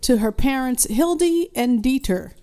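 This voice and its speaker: A woman's voice: high voice, expressive, measured pace, warm tone. A woman co-hosting a casual podcast, chatty, sometimes reading out facts. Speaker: podcast co-host. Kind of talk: casual chat.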